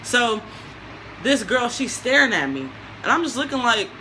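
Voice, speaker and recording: Young woman storyteller, casual vlog, bright and sharp voice, animated, slangy, faint background noise. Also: on the high side, moderate pace, low-quality recording.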